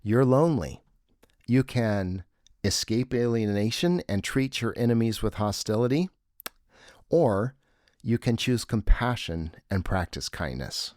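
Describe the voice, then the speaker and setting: A man's voice: lowish voice, animated, a little slow, darkish tone, dry recording, clean studio sound. A man giving a reflective teaching talk with a breathing exercise, earnest and musing, with audible exhaled sighs. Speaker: self-help teacher.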